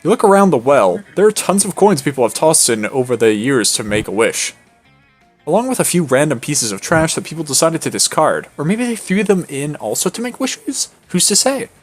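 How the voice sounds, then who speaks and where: A man streaming a dating game with friends, reading the story aloud in an animated, laughing way and swearing freely. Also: fairly high pitch, fairly quick, soft background music.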